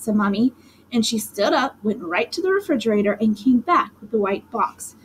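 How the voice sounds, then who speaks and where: A woman with a fairly high voice reads a children's story aloud, telling it in the first person with lively, dramatic energy. A faint hiss sits under the recording. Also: moderate pace, low-quality recording. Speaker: audiobook narrator. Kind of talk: expressive storybook reading.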